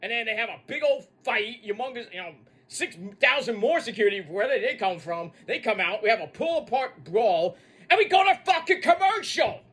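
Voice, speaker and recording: A man rants through a wrestling show review in a bright, high, lively voice. He swears freely and mocks the people he talks about, and his pitch leaps from low grumbles to high yells. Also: brisk, breathy edge. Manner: animated, swearing, mocking. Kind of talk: casual profane rant.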